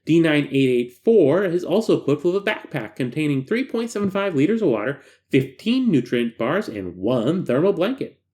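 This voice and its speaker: A man's voice: on the high side, moderate pace, few pauses. A man hosting, reading a horror file aloud with jokey asides. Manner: animated, breaks off for jokey asides.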